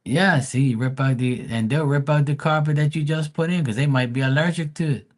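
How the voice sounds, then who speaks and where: A man's voice: on the high side, brisk. A man, giving blunt, profane advice on a casual livestream. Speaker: live tarot reader.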